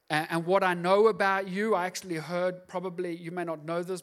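A man's voice: high voice, flat delivery, fairly quick, few pauses. A middle-aged man preaching a sermon as pastor, passionate and building to emphatic outbursts.

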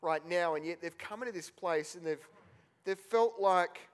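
A man's voice: high voice, normal speed, clear, resonant tone. A man preaching a sermon as pastor, telling a personal story with emotion, tearful and laughing at moments.

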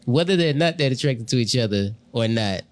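Male podcast co-host, joking and slangy, animated pitch. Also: a little fast. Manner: joking, slangy, loud laughs. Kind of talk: casual podcast banter.

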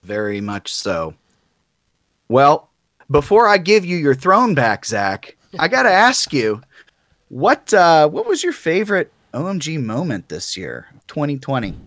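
A man's voice: on the high side, wildly swooping pitch, a little slow, fairly bright tone, no echo, studio quality. A man co-hosting a gaming podcast, playing a mock award-show emcee in a playful, theatrical way.

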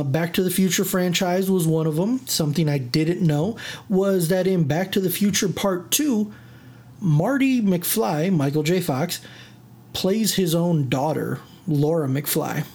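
Casual vlogger with a mid-range voice, animated and dramatic, full of fillers. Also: medium pitch, measured pace. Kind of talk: casual storytelling rant.

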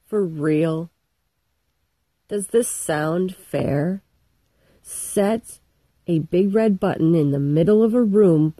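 A woman's voice: on the low side, warm tone, no room sound, rough recording. A middle-aged woman telling a story in a casual, irreverent and profane comic monologue.

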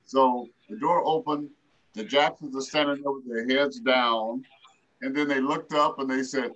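A man in his seventies, a guest telling a relaxed anecdote in an interview. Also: medium pitch, moderate pace, muffled recording. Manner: relaxed anecdotal telling with lively quoted voices. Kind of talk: storytelling in an interview.

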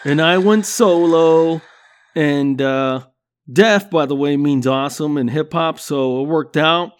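A man hosts a comedy podcast, delivering a profane rant full of constant swearing, laughter at his own jokes, and "you know what I'm saying". His voice is a little high and slow.

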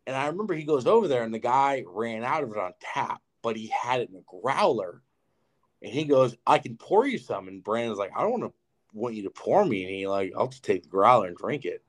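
A man's voice: medium pitch, brisk. A young man co-hosting a podcast, telling a story in casual, profane chat full of "like". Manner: animated, profane storytelling with lots of "like". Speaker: podcast co-host.

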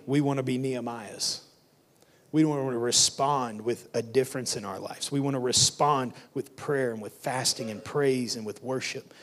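A male pastor preaching a sermon, building intensity and repeating lines for emphasis, with casual phrasing like "y'all" and "ain't.". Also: medium pitch. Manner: colloquial Southern-church phrasing, "y'all" and "ain't".

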